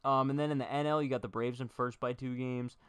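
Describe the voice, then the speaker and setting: A man's voice: medium pitch, fairly even intonation, quick pace, fairly bright tone, clear, resonant tone, no echo. A young man hosting a casual baseball livestream, chatting and joking straight to his viewers. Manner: chatty, jokey, talks to chat directly.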